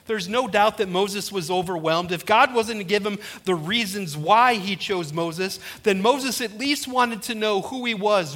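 Male pastor, middle-aged, a bit high-pitched, storytelling sermon, slips into character voices. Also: measured pace, few pauses, a bit bright. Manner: storytelling preacher, acts out quoted voices.

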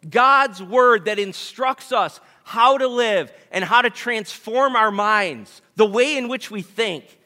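Pastor guy preaching, high bright voice, chatty and earnest, lots of hall echo. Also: slow pace. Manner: conversational, earnest, asks the congregation questions. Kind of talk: sermon. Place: church sanctuary. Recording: long hall reverb.

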